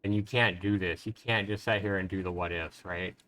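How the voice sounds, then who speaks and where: A man's voice: sits low, fairly even intonation, a little fast, fairly bright tone. A male streamer commenting on a game live, speaking in an earnest, emotional way and giving reflective advice to his viewers.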